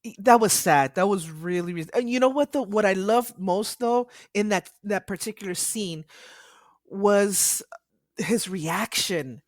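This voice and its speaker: A woman's voice: mid-range voice, measured pace, no room sound, studio quality. A woman co-hosting a podcast, talking casually about films in an outspoken, emphatic way. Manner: outspoken, emphatic, laughs easily. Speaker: podcast co-host. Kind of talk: casual film chat.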